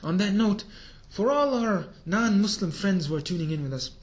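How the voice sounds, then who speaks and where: A man telling a religious story as a sermon, animated and speaking straight to his listeners, sometimes dropping to a whisper. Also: sits high, moderate pace. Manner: addresses listeners directly. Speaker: preacher.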